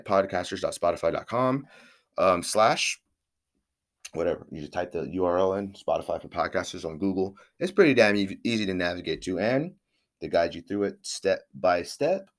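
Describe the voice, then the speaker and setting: A man's voice: sits low, animated, moderate pace. A man hosting his own podcast alone, talking in a rambling, profane, hyped-up way. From Northern California. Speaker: podcast host. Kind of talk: casual solo podcast monologue.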